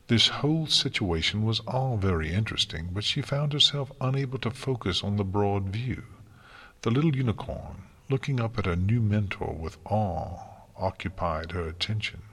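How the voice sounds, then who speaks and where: A man narrating a fantasy story in a calm, steady audiobook reading. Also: low-pitched, breathy edge. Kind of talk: audiobook reading of fan fiction.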